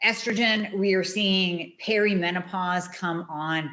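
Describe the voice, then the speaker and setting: A woman's voice: on the low side, measured pace, fairly bright tone. A woman hosting a solo health podcast, talking in a blunt, emphatic, conversational way. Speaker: podcast host, hormone doctor.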